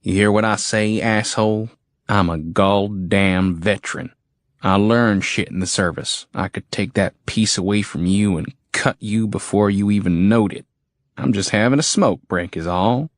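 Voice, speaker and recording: A man's voice: on the low side, measured pace, no echo, studio quality, natural voice. A man doing a sneering redneck veteran. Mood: threatening. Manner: drawling, foul-mouthed, taunting. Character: crude cocky male army veteran thug, sneering. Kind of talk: audiobook character voice.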